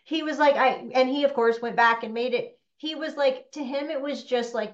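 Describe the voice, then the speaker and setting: Woman, business coach, animated, conversational, workshop talk, dull lo-fi recording. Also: fairly high pitch, normal speed, hardly any pauses. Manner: animated, conversational, peppered with "right?".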